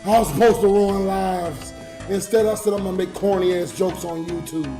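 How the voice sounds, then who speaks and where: Drunk guy on a livestream, high voice, raw emotional ranting at chat, echoey room. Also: normal speed. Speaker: livestreamer and comedian. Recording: roomy echo with music behind.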